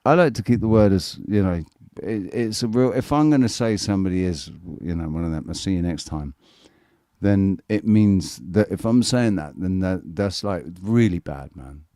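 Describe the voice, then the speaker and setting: This man talks low and mellow, cracking crude jokes and swearing as he co-hosts a live stream. The sound is close and dry, with nothing around it. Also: moderate pace, few pauses, no echo. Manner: crude, joking, loud bursts. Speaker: stream co-host. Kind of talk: casual chat.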